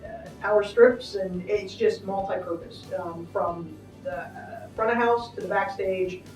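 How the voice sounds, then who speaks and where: A woman's voice: mid-range voice, measured pace, darkish tone. A middle-aged woman managing an arena, chatting casually and upbeat with many fillers while giving a backstage tour. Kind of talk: casual walking interview. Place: backstage in a large indoor arena. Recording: echoey, from a distance, faint music.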